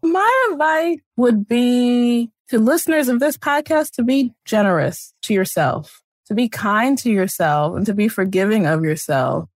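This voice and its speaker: A woman guest author talking in a relaxed interview, telling stories with easy laughs and reflective advice. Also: fairly high pitch, measured pace, hardly any pauses, dry recording, clean studio sound. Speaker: children's book author, guest. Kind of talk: casual interview conversation.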